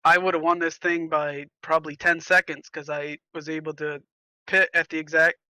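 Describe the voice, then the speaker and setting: A man talking as a race driver in a post-race interview, explaining his strategy with steady frustration. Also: a little high, normal speed, no echo, low-quality recording.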